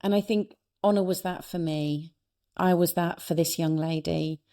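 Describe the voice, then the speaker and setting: A woman's voice: on the low side, fairly even intonation, normal speed, warm tone. A woman, a speaker and coach, telling personal stories in an earnest, reflective way as an interview guest. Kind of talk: reflective conversational storytelling.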